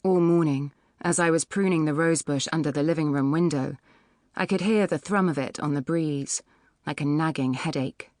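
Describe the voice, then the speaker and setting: An audiobook narrator with a low, darkish voice reads scripted first-person narration at a moderate pace. It's a dry, clean recording made in a studio.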